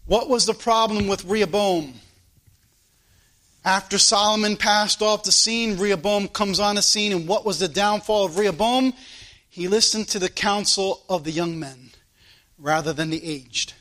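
High, bright-voiced male preacher. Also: normal speed. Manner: folksy, acts out Bible characters, emphatic. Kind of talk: sermon.

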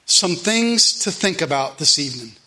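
Earnest pastor, high bright voice. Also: male voice, animated, moderate pace. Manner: earnest, conversational preaching with asides and repetition. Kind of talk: sermon. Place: church sanctuary.

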